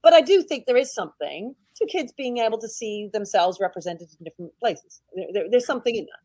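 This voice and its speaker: Woman, British accent, head teacher guest, outspoken, lively storytelling, dry close sound. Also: a little high, a little fast, no echo. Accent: British English. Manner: outspoken, animated storytelling with laughs. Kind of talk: casual interview conversation.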